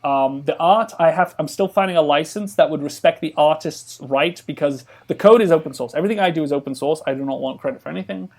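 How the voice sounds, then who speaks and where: A man's voice: a little high, quick pace, vocal fry, hardly any pauses, darkish tone. A man talking casually in a podcast conversation, rambling with lots of fillers and restarts as he explains his game project. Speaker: game developer guest.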